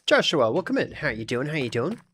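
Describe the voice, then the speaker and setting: A man's voice: on the high side, big pitch swings, brisk, fairly bright tone, slight background noise. An Australian man chatting casually on a live stream, thinking aloud and talking to his viewers as he sorts out his game. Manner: chatty, thinks aloud, talks to chat while fiddling with the game.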